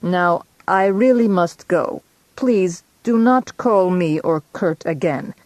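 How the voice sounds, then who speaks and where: A woman's voice: lowish voice, slow pace, darkish tone, no room sound, low-quality recording. A woman doing a stiff, cold doctor with a stilted accent. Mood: cold, formal. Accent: foreign, stilted. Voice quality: stiff and formal. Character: formal male doctor, distant and cold.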